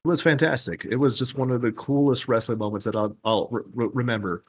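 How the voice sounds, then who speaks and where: A man who is a guest on a podcast, recounting events in casual chat with excitement and frequent swearing. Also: mid-range voice, fast, breathy edge.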